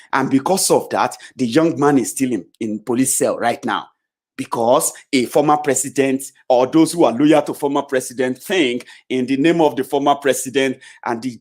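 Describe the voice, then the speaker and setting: Shouting one moment and muttering the next, a middle-aged man from Nigeria delivers a fiery, confrontational political tirade. He speaks with a Nigerian accent and works as a political commentator.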